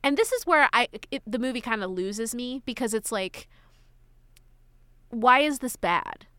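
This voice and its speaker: A woman's voice: on the high side, unhurried, clean tone, no room sound. A young woman co-hosting a podcast, gushing and recapping a movie in casual chat, acting out quotes as she goes. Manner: animated, gushing, acts out quotes. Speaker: podcast co-host.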